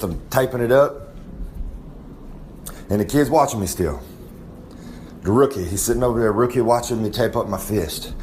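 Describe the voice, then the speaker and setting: A recurring guest on the segment, this man speaks in a medium-pitched, slightly mellow voice as he rambles through an in-character wrestling promo. He boasts, talks about himself in the third person, and drawls through many asides, with a little hiss or hum behind him.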